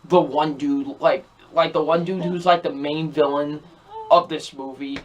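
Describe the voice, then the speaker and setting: A man's voice: on the high side, fairly even intonation, unhurried, a little hiss or hum. A young man giving a ranting, repetitive movie review, sounding exasperated as he keeps circling back to the same complaints. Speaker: film reviewer.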